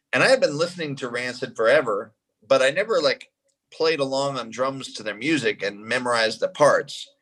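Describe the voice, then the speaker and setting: Male interview guest, a drummer; animated, casual storyteller who acts out each exchange. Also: mid-range voice, poor audio.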